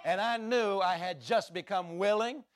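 A man with a notably high-pitched voice preaches a personal testimony as a traveling minister. His delivery is earnest and emphatic, the voice of a storyteller speaking to a church service. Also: moderate pace. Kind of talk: sermon testimony.

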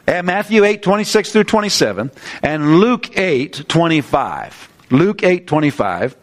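A man preaching a sermon, animated, climbing in pitch on his points and chatting loosely between scripture readings. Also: unhurried. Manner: animated preaching, rising pitch on emphasis, asides and restarts.

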